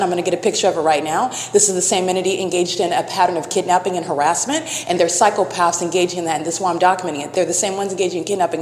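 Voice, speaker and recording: Fast-talking woman in an insistent monologue. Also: fairly low pitch, a little hiss or hum. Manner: accusatory, insistent and repetitive. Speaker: vlogger documenting her surroundings. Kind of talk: rapid recorded monologue addressed to the camera. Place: outdoors by a parking lot.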